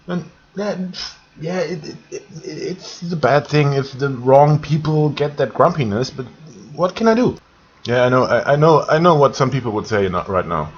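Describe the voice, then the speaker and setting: A man from Germany with a German accent, speaking English in a grumpy, halting vlog rant, repeating words and swearing. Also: medium pitch, expressive, breathy edge. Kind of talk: ranting monologue vlog. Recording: dull lo-fi recording.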